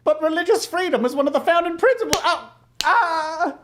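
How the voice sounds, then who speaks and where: A man playing a pompous, bigoted old-fashioned gentleman in a comedy sketch, preaching in mock-archaic language. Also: a little high, expressive, a little slow, a little hiss or hum. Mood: preachy. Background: music.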